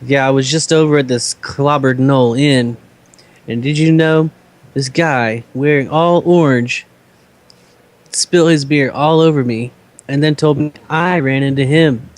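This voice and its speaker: A man voicing a blunt, irritable male adventurer in a tabletop game, in a slow everyday voice. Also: mid-range voice, steady tone, natural voice. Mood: irritated.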